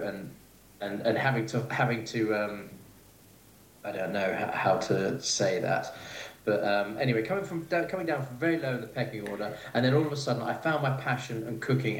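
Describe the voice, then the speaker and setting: Chatty chef in an echoey room. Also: male voice, lowish voice. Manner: rambling, hesitant, laughs easily. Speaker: chef and podcast guest. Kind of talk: casual interview chat. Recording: echoey room with faint noise.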